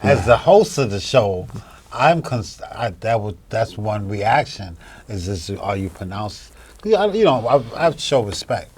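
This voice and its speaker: A man hosting an interview show, asking persistent questions in a soft, trailing way and laughing often. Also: on the low side, expressive, a little slow, breathy edge. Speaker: show host. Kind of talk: casual interview chat.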